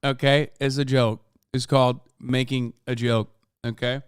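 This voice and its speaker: A man's voice: medium pitch, level tone, unhurried, clear, resonant tone, no echo, studio quality. A young man streaming, reacting to clips with sarcastic, profane commentary and bursts of laughter. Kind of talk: casual livestream commentary.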